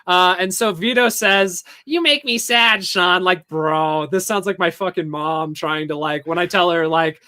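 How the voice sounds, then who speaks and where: A man's voice: high-pitched, measured pace, hardly any pauses, bright, forceful tone, clear, resonant tone, dry recording, clean studio sound. A man hosting a podcast, chatting casually and mockingly while reading chat messages aloud and laughing. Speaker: podcast host.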